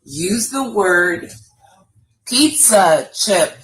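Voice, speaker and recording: A woman's voice: medium pitch, expressive, fairly bright tone, rough recording. A woman co-hosting a live stream, leading a word game and answering her co-host with exasperated teasing. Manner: slow, deliberate, exasperated teasing. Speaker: co-host running word games. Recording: faint background noise.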